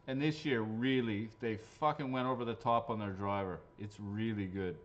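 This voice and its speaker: A man's voice: on the low side, steady tone, normal speed, muffled recording. A man hosting live raffle draws, chatting casually and joking, swearing freely as he goes. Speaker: raffle host. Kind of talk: live-stream raffle draw chat.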